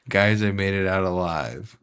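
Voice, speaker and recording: A man's voice: sits low, background noise. A man making casual, incredulous, joking remarks while reacting to videos as a streamer. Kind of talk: casual commentary.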